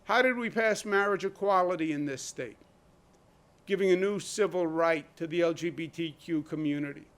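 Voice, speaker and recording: At a public briefing, a man in the role of state governor speaks at a moderate pace in a fairly bright, higher-pitched voice. He's blunt, emphatic and conversational, pressing his arguments with rhetorical questions.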